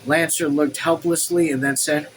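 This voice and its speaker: A man hosting a casual book read-along at home, reading the text and even the punctuation aloud, then breaking off into excited, swear-filled asides. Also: a little high, normal speed, a little hiss or hum, low-quality recording. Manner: reads quotes and punctuation marks aloud. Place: his room at home.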